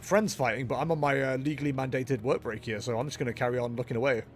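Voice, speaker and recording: A man's voice: mid-range voice, steady tone, fast talker, soft background music, natural voice. A man voicing a lazy, unbothered enemy guard.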